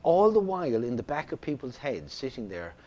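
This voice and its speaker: Middle-aged Irish actor, chatty guest, animated and rambling. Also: male voice, mid-range voice, a little fast, highs cut off. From Ireland. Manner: animated storyteller, many restarts. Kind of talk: casual interview chat.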